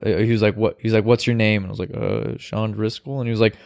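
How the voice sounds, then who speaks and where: A man's voice: lowish voice, little pitch movement, racing, dry recording, clean studio sound. Laid-back young man telling a story. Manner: laid-back storytelling, lots of swearing and fillers. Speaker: podcast co-host. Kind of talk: casual chat.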